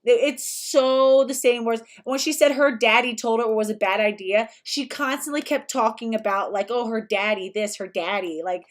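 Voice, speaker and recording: A woman's voice: a little high, normal speed, few pauses. A young woman hosting a casual livestream, talking in a chatty, sarcastic way with lots of "like" fillers. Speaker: livestream host.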